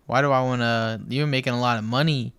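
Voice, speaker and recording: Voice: mid-range voice, fairly even intonation, fast, a bit bright, clean tone, dry recording. A podcast host speaking bluntly in casual chat, swearing freely.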